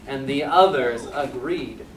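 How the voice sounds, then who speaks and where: A woman narrating a children's stage play, telling the story slowly and clearly while cueing the young performers. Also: rumbling low, crowd noise. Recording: echoey stage from far off with music.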